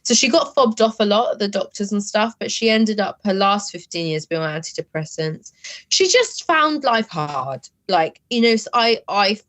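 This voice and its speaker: A woman speaking candidly as an interview guest, halting and emotional, with many fillers. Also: medium pitch, animated, a bit bright. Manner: emotional, halting, heavy use of "like".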